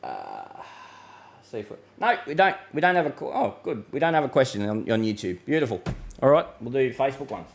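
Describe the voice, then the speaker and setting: A man's voice: mid-range voice, wildly swooping pitch, a little fast, vocal fry. A middle-aged Australian man hosting a live weather stream, chatting casually and answering viewer comments in a matey way. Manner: chatty and matey, reads viewer comments aloud, laughs easily.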